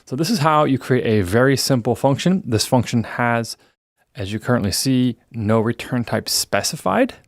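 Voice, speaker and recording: A man's voice: medium pitch, moderate pace, no echo, studio quality. A man teaching programming in a screen-recorded coding tutorial, explaining step by step and thinking aloud as he types. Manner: relaxed explaining, thinking aloud while typing code. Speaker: programming instructor.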